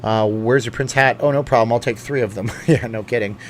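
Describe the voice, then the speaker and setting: A man's voice: mid-range voice, fairly even intonation, brisk, slight background noise. Chatty man rambling through a livestream. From lives in Las Vegas. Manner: rambling, chatty, with frequent restarts and asides. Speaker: channel host reading live chat. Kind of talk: casual livestream chat. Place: home room.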